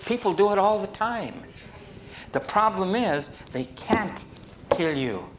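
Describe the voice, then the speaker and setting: A man preaching a sermon, rising to emphatic peaks and dropping low, with sudden shifts in pace. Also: takes it slowly, slight background noise. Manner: animated, rises to emphatic peaks and drops low.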